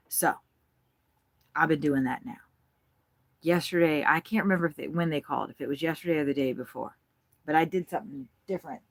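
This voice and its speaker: A woman's voice: deep voice, no room sound. Chatty giggly woman with a dry sound. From United States. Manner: chatty, giggly, swears freely. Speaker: bird-watching vlogger. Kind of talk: casual running commentary. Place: RV at a campground.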